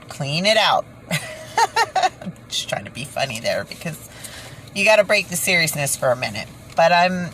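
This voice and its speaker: A woman talking casually to her viewers while reading from her notes, halting often, correcting herself and laughing at her own slips. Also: low voice, fairly bright tone, a little hiss or hum, low-quality recording. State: tired, head pounding. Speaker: video creator.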